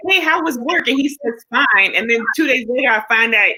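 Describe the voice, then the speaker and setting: A woman hosting a casual chat, frank and lively, reading out comments and giving her own views. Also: fairly high pitch, fairly quick, low-quality recording.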